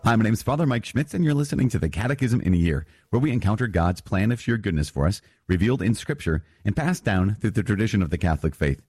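Deep, dark-voiced priest teaching casually. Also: male voice, lively intonation, fast talker, hardly any pauses, husky, faint music behind. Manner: earnest, casual, restarts and self-corrects, chuckles at himself. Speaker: priest and podcast host. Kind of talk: conversational catechism teaching with prayer.

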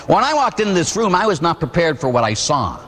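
A man's voice: fairly high pitch, very animated, fast, a bit bright. A Catholic priest in his forties from Pittsburgh gives a sermon full of personal stories, with humorous asides and a habit of tag questions. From Pittsburgh, USA. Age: 40s. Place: church. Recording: long church reverb.

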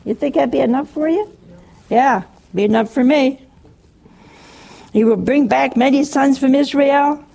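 A woman's voice: high-pitched, a little slow, vocal fry, long pauses, mellow. A woman preaching on scripture in a chatty, teasing way, acting out quotes and chuckling often. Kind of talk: humorous scripture teaching.

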